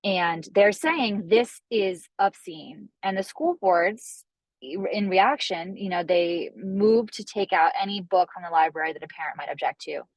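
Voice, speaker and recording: A woman's voice: lowish voice, unhurried, dry recording, rough recording. A woman author, a guest in a library discussion, explaining earnestly with frequent restarts. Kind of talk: discussion talk.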